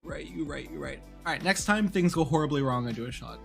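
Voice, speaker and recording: A game streamer giving casual live commentary, giggly and excitable, talking directly to chat. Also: mid-range voice, fast talker, gravelly, soft background music.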